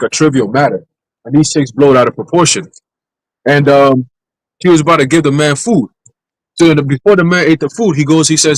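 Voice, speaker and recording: A man in a casual church discussion, talking bluntly with rough language and acting out other people's lines. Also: medium pitch, dry recording, poor audio. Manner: blunt, profane, mimics others' voices in quoted lines. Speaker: church group speaker.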